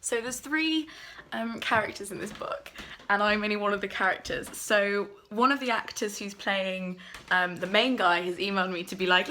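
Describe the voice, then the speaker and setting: A young woman in her twenties from England, chatting to camera in a self-mocking way with quick asides. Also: medium pitch, animated, bright, forceful tone. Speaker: vlogger. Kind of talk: casual chat to camera.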